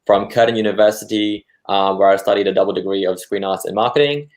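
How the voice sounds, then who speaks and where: A young man from Australia speaks in a very low voice. He answers modestly and haltingly, with frequent fillers, as a guest on a video call. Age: young adult. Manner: modest, hesitant, many fillers. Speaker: filmmaker guest. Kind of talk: casual interview answers.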